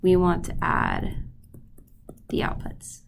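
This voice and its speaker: A woman's voice: fairly low pitch, wildly swooping pitch, takes it slowly, vocal fry, in a whisper. A woman teaching a math lesson, stuffy-nosed, patiently checking in with her students as she goes. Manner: patient, checks in with "right?" and "okay?". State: stuffy nose.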